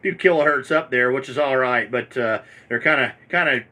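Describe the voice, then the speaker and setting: Bright folksy radio operator man. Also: medium pitch, moderate pace. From Montana. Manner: folksy, keeps adding "there, my friend". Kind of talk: casual on-air radio chat.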